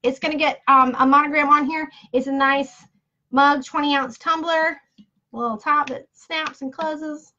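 A woman's voice: high voice, normal speed, pushed and bright, a little hiss or hum. A woman hosting a casual live giveaway stream, chatty and playful with jokey asides. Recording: dull lo-fi live-stream audio.

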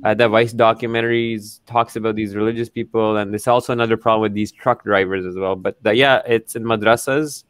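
A young man from Pakistan in a casual podcast chat, laughing often and reading quotes aloud slowly. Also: lowish voice, steady tone, no echo, clean studio sound. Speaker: co-host.

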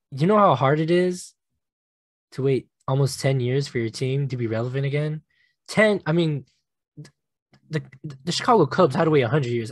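A young man hosting a solo sports podcast, animated and emotional, swearing casually and laughing at himself. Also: medium pitch, no echo. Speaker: podcast host.

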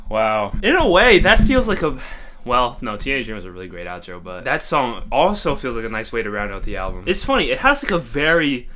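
Young male reaction host: excitable, slangy, sharp bright tone, recorded in a bathroom. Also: mid-range voice, brisk. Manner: excitable, slangy, breaks into laughs and sing-along. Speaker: music reaction video host. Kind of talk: casual music reaction.

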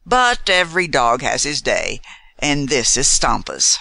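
A courteous, polished gentleman with a hint of mockery, read by a man in his own voice. His tone is bright and forward, and the reading sounds close and dry. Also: mid-range voice, huge pitch swings, a little slow, vocal fry, dry recording, full character voice. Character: smooth, courteous scheming foreign gentleman.

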